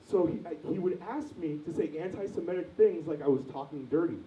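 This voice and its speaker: A man's voice: a little high, a little fast, mellow, far from the mic, slight background noise. A young man doing a crude, rambling stand-up set, quizzing the audience, recorded from afar in an echoey lo-fi room. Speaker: stand-up comedian.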